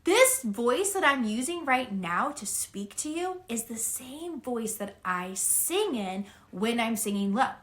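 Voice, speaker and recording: A woman's voice: on the high side, sing-song, takes it slowly, hardly any pauses. A woman giving a singing lesson, encouraging and demonstrating spoken and sung phrases. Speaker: singing teacher. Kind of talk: vocal lesson to camera.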